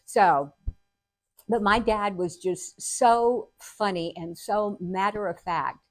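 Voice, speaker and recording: An older woman hosting a show, telling personal stories in a casual, animated way. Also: mid-range voice, takes it slowly, dry recording, soft background music. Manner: animated, acts out quotes with laughter. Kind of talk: casual storytelling.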